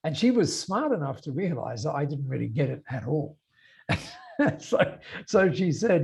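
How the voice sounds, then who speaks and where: An older man with an Australian accent, a podcast guest telling his story in an animated way, acting out the dialogue and restarting his sentences often. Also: fairly high pitch, normal speed, vocal fry, husky, poor audio. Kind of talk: storytelling interview.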